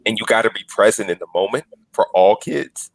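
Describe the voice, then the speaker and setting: A man's voice: fairly low pitch, fairly quick, gravelly, no echo, rough recording. A man in his forties on a podcast panel, telling earnest stories and acting out the lines he quotes. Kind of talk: casual panel discussion.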